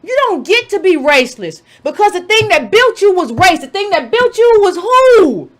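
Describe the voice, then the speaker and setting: A woman's voice: extremely high pitch, sing-song, normal speed. A woman giving a sarcastic political commentary monologue, full of rhetorical questions and mocking asides.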